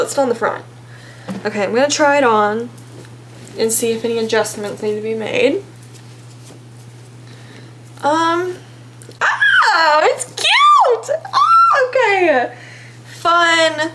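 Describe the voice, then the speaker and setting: A woman's voice: fairly high pitch, moderate pace, a little hiss or hum. A woman in her twenties with a Texan accent, talking casually and rambling in a self-deprecating vlog. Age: 20s. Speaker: vlogger. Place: in a car, then at home.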